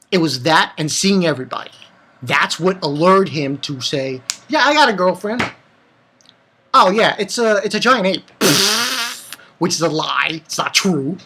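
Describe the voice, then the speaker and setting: A man hosting a casual manga review vlog. He laughs often and swings between loud outbursts and mumbled asides. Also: sits high. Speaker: manga reviewer, channel host.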